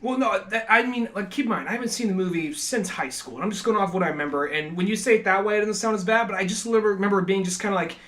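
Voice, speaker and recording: A man's voice: high voice, fast, hardly any pauses, a bit bright. A man co-hosting a podcast in casual chat, rambling and swearing as he retells scenes from memory. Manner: rambling, profane, laughs at his own retellings. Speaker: podcast co-host.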